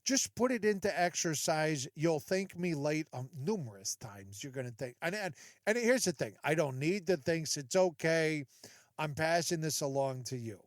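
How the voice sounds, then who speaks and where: A man's voice: a little high, expressive, moderate pace, no room sound, clean studio sound. A man hosting a solo podcast, chatty and jokey, talking straight to his listeners with lots of asides. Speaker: podcast host. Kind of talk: solo casual podcast monologue.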